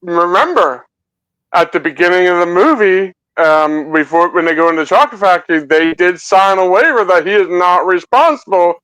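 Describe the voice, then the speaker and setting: A man with a high voice co-hosts a casual film podcast. He talks excitedly, stumbling over and repeating words as he goes. His voice is recorded dry and close. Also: normal speed, smooth, no echo, rough recording. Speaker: co-host.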